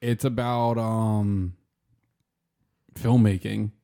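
A man's voice: lowish voice, extremely slow. A man chatting casually on a podcast, telling rambling, profane stories full of "like" and playful asides. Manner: animated, profane storyteller who hedges with "like".

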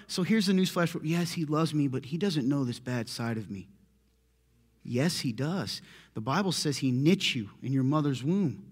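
Man, pastor, conversational sermon, animated storyteller, self-deprecating, voice a bit on the high side. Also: moderate pace, slightly rough.

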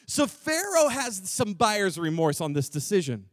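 A man preaching a sermon in a church, acting out Bible characters with lively swings from loud to hushed. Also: high voice, a little slow, no room sound, clean studio sound. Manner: animated, acts out Bible characters, drops to near whisper. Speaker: pastor. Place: church auditorium.

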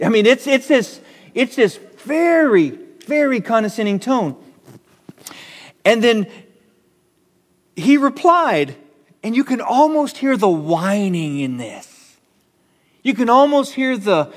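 A man preaching a sermon as pastor, emphatic and animated, often repeating words for stress. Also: sits high, measured pace. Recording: long church reverb.

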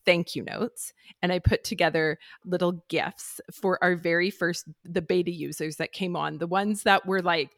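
A woman with a fairly low voice, recorded close and dry. She chats casually, self-deprecating and quick to laugh. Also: fairly even intonation, creaky, no echo. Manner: warm, self-deprecating, laughs while talking. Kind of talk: casual conversation.

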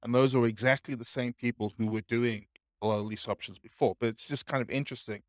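Halting man asking from the class. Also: mid-range voice, fairly even intonation, dry recording, studio quality. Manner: halting, restarts while explaining. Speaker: class participant. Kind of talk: question from the audience.

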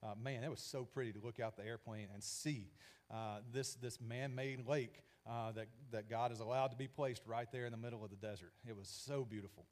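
A man's voice: medium pitch, fairly even intonation, a little fast, darkish tone. A man preaching a sermon in a conversational, emphatic way. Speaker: pastor.

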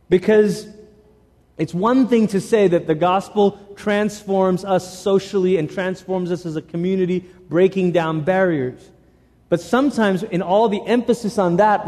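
A man preaching a sermon to his church, animated and repeating phrases for emphasis. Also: high-pitched, long reverb tail. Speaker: pastor.

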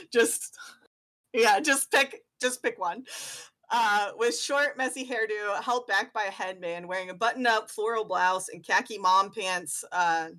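A woman's voice: mid-range voice, lively intonation, a little slow, pushed and bright. A woman game master narrating a tabletop role-playing game, chatty and giggly with lots of fillers.

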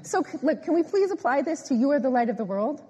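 A woman preaching a sermon, animated and emphatic, repeating phrases and often laughing. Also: high-pitched, fast talker. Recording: echoey hall with long reverb.

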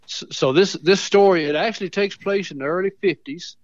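A man's voice: high voice, fairly quick, no echo. A man with a Middle Tennessee accent, calling in to a radio show as the regular storyteller, rambling and chuckling as he tells his tale. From Mount Pleasant, Tennessee. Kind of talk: folksy storytelling on the phone. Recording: dull phone line.

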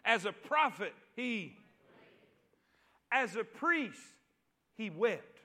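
A male preacher delivering a church sermon, repeating phrases and calling for responses until he is shouting. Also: high voice, very animated, extremely slow. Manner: repetitive, call-and-response preaching that builds to shouts.

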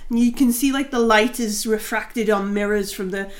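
A woman's voice: medium pitch, moderate pace. A woman narrating a tabletop game as game master, hesitant with many filler sounds. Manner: hesitant, lots of ums, laughs often.

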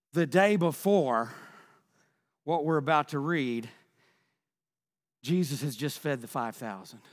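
A pastor preaching a sermon, loud and excitable, often shouting when stirred up. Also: male voice, on the high side, in a large hall.

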